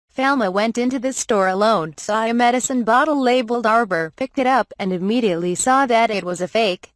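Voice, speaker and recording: A woman reading a translated web novel aloud in an even, steady narration. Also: on the high side, brisk, hardly any pauses, no room sound. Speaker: audiobook reader.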